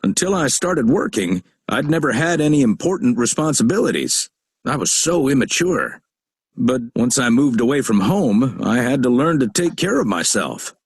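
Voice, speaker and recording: A man's voice: mid-range voice, sing-song, moderate pace, husky, dry recording. A middle-aged man playing a joking, genial uncle in a textbook audio dialogue. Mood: reminiscing. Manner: warm, teasing, storytelling.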